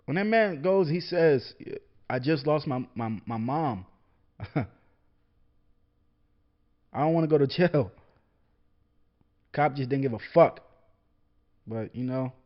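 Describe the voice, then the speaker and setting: A young man talking alone on a casual show, heated and profane, stumbling and repeating words as he gets worked up. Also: mid-range voice. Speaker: podcast host, military veteran. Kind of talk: casual solo monologue. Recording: dull lo-fi sound.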